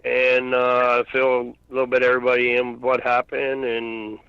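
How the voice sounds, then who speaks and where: A man's voice: mid-range voice, monotone, moderate pace, clear, resonant tone, no echo. A laid-back man chatting casually as a regular guest on a radio show, giving brief replies. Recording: dry, dull lo-fi line.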